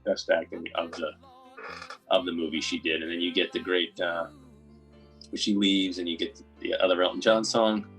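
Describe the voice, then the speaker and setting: A man hosting a podcast, recapping a film in casual chat, rambling and acting out quotes in quick bursts. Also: low voice, flat delivery, a bit bright, soft background music, poor audio. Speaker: podcast host.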